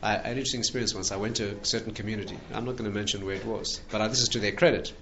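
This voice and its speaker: A man's voice: fairly low pitch, rapid-fire, muffled recording, slight background noise. A rabbi telling stories in a conversational lecture, laughing at his own punchlines. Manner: animated anecdotes, laughing at punchlines. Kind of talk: conversational storytelling talk.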